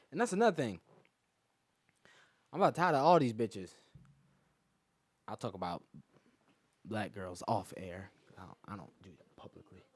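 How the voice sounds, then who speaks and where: A man's voice: lowish voice, husky. A man hosting a casual comedy podcast, telling profane stories and acting out quotes. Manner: animated, profane storytelling with lots of acted quotes. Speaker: podcast host.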